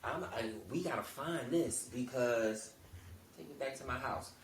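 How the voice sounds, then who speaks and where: A woman's voice: a bass voice, unhurried. Woman telling a story in a roomy room. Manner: animated, acts out quoted people. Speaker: podcast co-host. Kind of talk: casual storytelling. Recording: roomy, distant mic with faint noise.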